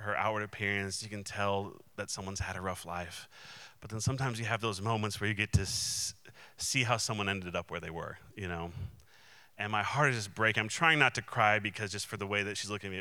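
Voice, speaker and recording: A man's voice: fairly low pitch, bright, forceful tone, clear, resonant tone, no room sound. A man, a Christian minister, telling a personal testimony in an earnest, candid and emotionally open way. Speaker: Christian minister and conference speaker.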